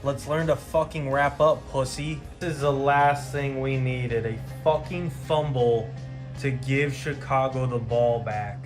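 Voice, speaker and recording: A man's voice: medium pitch, fairly even intonation, unhurried, over music. A young man giving profane live reactions to a fantasy football game, dropping to mutters and then bursting out. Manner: profane, swings from mutters to outbursts.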